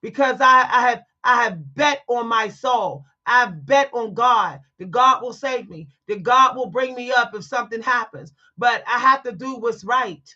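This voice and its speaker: A woman's voice: a little high, a little slow, hardly any pauses, bright, forceful tone, lo-fi sound. A woman telling a story to her viewers in a blunt, emphatic, preachy way, stressing her words. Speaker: vlogger. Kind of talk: candid storytime monologue to viewers.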